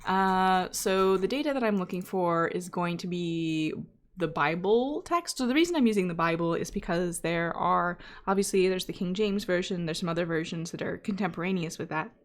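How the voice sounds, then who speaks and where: A woman's voice: on the low side, moderate pace. A woman hosting a live coding stream, talking casually and thinking aloud with frequent fillers and asides, now and then reading viewer chat aloud. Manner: reads chat messages aloud. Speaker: data scientist live-coding host.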